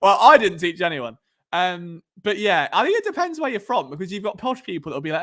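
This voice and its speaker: A young man with a southern English accent hosts a casual live stream, chatting through his thoughts at length. He rambles, often stops to restart sentences, and leans on fillers, and his voice sits a little high for a man. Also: big pitch swings, fairly quick, a bit bright. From England. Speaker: podcast host.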